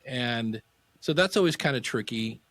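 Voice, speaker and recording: A middle-aged man, a podcasting teacher, telling anecdotes in a casual interview and acting out quotes with sudden pitch jumps. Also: lively intonation, moderate pace, a bit bright, no room sound.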